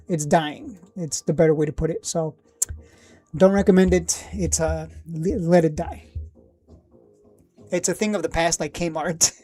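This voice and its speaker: A man hosting a live stock chat, answering viewers with blunt verdicts and jokes. His voice is mellow and on the darker side. He often trails off mid-thought and circles back. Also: high voice, dry recording. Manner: blunt, joking, laughs often, trails off and restarts. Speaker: stock market livestream host.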